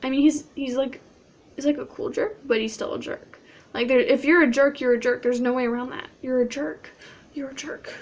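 A woman's voice: high-pitched, steady tone, a little fast. A woman vlogging in character as a cosplayer, rambling in a playful, self-mocking way. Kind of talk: casual in-character cosplay vlog.

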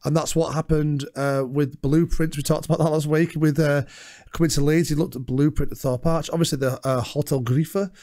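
A man's voice: on the high side, steady tone, a little fast, darkish tone. A man co-hosting a comedy podcast, chatting hesitantly and reading a mock-reverent parable in a grand, solemn tone. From England. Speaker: comedian co-host. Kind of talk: comic podcast chat and mock-solemn storytelling.

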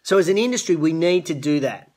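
A middle-aged Australian man hosting a business show gives an earnest, live-streamed motivational talk to camera, urging listeners on like a coach and greeting viewers by name. His voice is somewhat high for a man, a little mellow, and expressive, and he speaks quickly.

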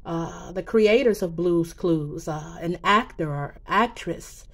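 A woman making psychic predictions in a casual vlog, talking slowly in a rambling way with many fillers and restarts. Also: lowish voice, a bit bright. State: emotional, near tears. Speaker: psychic vlogger.

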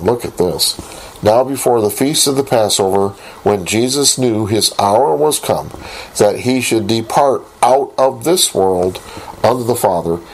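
A man teaching a Bible lesson, reading scripture aloud and posing rhetorical questions in a deliberate way. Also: on the low side, a little mellow, a little hiss or hum, rough recording. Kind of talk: recorded Bible study lesson.

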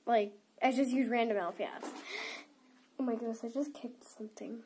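A teenage girl with a slightly high voice and a blocked, stuffy nose talks casually to camera. She giggles often and rambles, filling her sentences with "like". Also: steady tone, normal speed, darkish tone, slight background noise. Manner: giggly and rambling, many "like" fillers. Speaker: toy unboxing vlogger.

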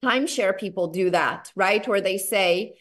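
A woman giving a chatty sales training talk on a video call, acting out conversations in brighter voices. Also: medium pitch, unhurried. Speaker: network marketing trainer.

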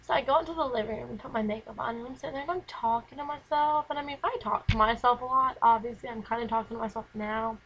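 Teen girl vlogger, rambling chatter into the camera mic in her bedroom, slightly high voice, faint hiss. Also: fast, few pauses, fairly bright tone, rough recording. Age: teens. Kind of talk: casual chat to camera.

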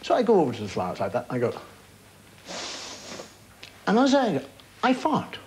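Irish comedian telling lively anecdotes. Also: male voice, high voice, normal speed. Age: 50s. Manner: animated anecdotes with wry asides, acting out punchlines. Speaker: talk show guest. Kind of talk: comic storytelling on a chat show. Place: TV studio before an audience. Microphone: studio broadcast mic. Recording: old TV broadcast with loud hiss and studio audience laughter.

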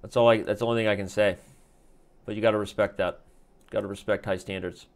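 A man hosting a live chess stream and calling his own games as he plays them. His voice runs a little low, and he keeps up a loose, joking patter throughout. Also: fairly even intonation, fast, gravelly. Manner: joking, playful banter. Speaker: chess stream host and commentator.

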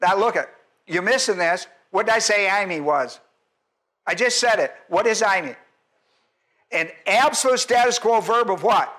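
A male pastor preaching an expository sermon, animated and quizzing his congregation, sometimes dropping to a soft low voice for emphasis. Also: normal speed.

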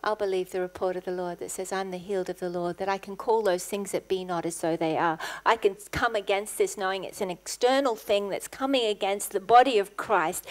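A middle-aged woman, a guest pastor, preaching a sermon in church, rising to loud, passionate exclamations. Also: mid-range voice, steady tone, a little fast, hardly any pauses.

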